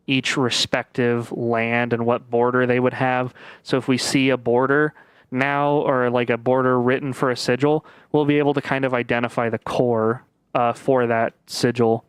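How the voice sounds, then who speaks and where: A man giving casual let's-play commentary as he plays a puzzle game, thinking aloud with frequent pauses and fillers. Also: mid-range voice, level tone, smooth, dry recording. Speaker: gaming video creator.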